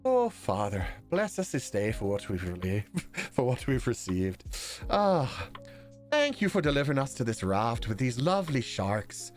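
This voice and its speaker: A man's voice: medium pitch, sing-song, measured pace, faint music behind. A man voicing an overly devout shipwrecked Irish man with a southern Irish accent, speaking in a prayerful, mock-solemn way. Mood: pious.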